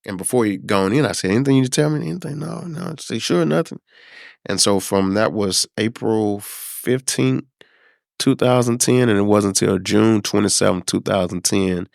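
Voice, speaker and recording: A middle-aged man from South Dallas, a podcast guest telling a personal story in an unhurried, reflective way, with many pauses and fillers. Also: low-pitched, creaky, dry recording, studio quality. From South Dallas, Texas. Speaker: podcast guest, former high school principal.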